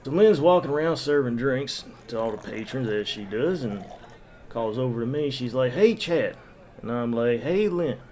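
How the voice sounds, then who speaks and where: A man's voice: medium pitch, normal speed, darkish tone. Crude, ranting male storyteller. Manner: crude, profane, ranting asides. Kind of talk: first-person story narration.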